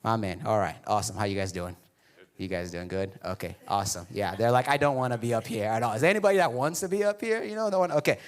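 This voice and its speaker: A man's voice: lowish voice, lively intonation, fast talker. A man preaching a sermon to his congregation in a casual, joking way. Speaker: pastor. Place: church hall before a congregation.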